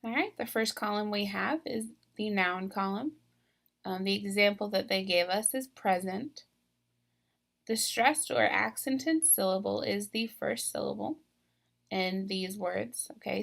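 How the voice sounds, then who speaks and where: A woman's voice: medium pitch, gravelly, fairly bright tone. A woman teacher walking students through a word sort step by step, patient and thinking aloud as she goes. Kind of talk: instructional video walkthrough.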